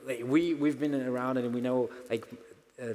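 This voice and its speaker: A man's voice: medium pitch, steady tone, normal speed, mellow. A man on a conference panel, speaking hesitantly with many fillers and restarts. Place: conference stage in a large hall. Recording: reverberant hall.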